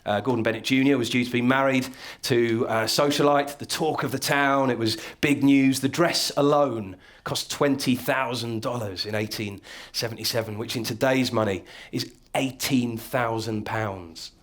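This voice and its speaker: A man's voice: mid-range voice, steady tone, moderate pace, few pauses, fairly bright tone. A man giving a stand-up comedy lecture to a live audience, telling stories in a dry, wry way and chuckling at his own lines.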